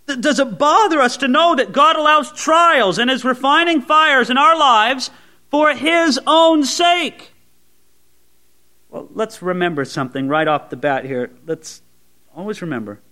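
A man's voice: extremely high pitch, bright, forceful tone. A man preaching an expository sermon, reading scripture aloud and stressing points with rising and falling emphasis. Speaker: pastor.

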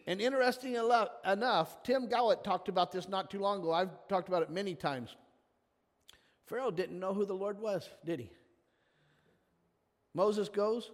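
A man's voice: high-pitched, moderate pace, long reverb tail. A man preaching a conversational sermon, asking questions and calling on listeners by name. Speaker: pastor. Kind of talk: interactive sermon.

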